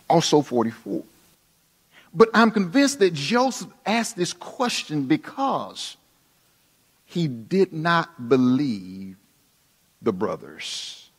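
A male pastor delivering a sermon, swinging between hushed passages and emphatic ones. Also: fairly high pitch. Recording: long reverb of a large hall.

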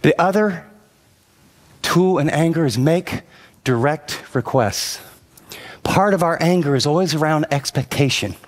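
A man's voice: expressive, a little slow, pauses often. A middle-aged man preaching a sermon as pastor, telling a story from his marriage and then exhorting with rising intensity. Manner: earnest, storytelling preacher who rises in pitch when exhorting. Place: large church auditorium. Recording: long hall reverb.

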